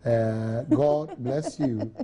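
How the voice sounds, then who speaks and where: Ghanaian radio host reading out texts, really mellow dark voice, mid pitch. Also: male voice. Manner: brisk, reads messages aloud. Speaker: radio talk show host. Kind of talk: reading listener texts on air.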